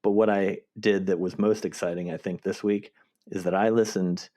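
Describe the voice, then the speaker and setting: A man's voice: sits low, flat delivery, moderate pace, warm tone. An American man hosting a podcast, talking in an easygoing, casual way. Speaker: podcast host, company president.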